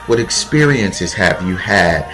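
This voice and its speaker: A man with a very low, deep voice speaks in an earnest, heartfelt way, pausing often and reaching for words. Soft music plays faintly beneath him as he reflects aloud to his listeners. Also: animated. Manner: earnest, heartfelt, with pauses and fillers. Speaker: podcast host. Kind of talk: reflective spoken monologue.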